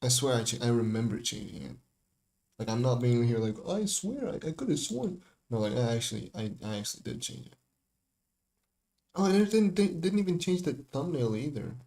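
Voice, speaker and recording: A young man with a gravelly, somewhat dark voice of medium pitch talks a little fast as he rambles through a casual livestream breakdown of his own remix. The music producer fills it with fillers, restarts and laughs while faint music plays behind him.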